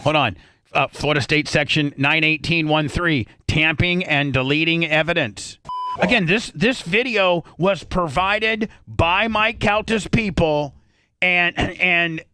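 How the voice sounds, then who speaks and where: A man's voice: a little high, a little slow, noisy background. A man hosting a radio talk show, reading out legal statutes in a studio with stammering restarts.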